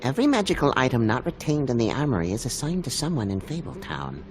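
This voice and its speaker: A man's voice: medium pitch, big pitch swings, quick pace, a little hiss or hum, lightly acted. Bufkin, a man voicing a sheepish winged monkey. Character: small male winged monkey, sheepish and hungover.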